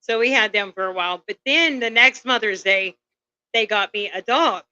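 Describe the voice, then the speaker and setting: A woman's voice: medium pitch, moderate pace, sharp tone, clean tone, dry recording. A woman on a casual show, telling family stories and laughing often. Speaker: guest. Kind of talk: casual chat. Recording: muffled lo-fi sound.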